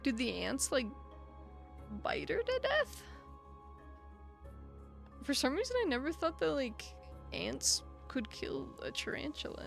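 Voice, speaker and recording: Breathless young woman streamer, lively and gravelly. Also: fairly high pitch. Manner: chatty, sympathetic, frequent fillers and soft laughs. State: out of breath and tired. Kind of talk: casual live-stream chat, reading chat aloud.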